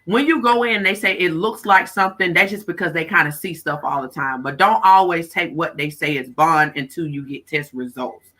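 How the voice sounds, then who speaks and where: A woman in her thirties tells a candid personal story, lively and expressive. Her voice is bright and forward, and she slips into the voices of people she quotes. Nothing in her tone stays flat for long. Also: deep voice, moderate pace, few pauses. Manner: animated, acts out other people's words in her telling. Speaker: guest life coach.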